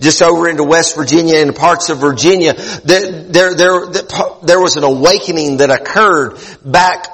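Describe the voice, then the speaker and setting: A man preaches in a high voice, earnest and often repeating himself for emphasis. His sermon carries a long reverb from the hall around him. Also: normal speed, hardly any pauses, a bit bright. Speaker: pastor.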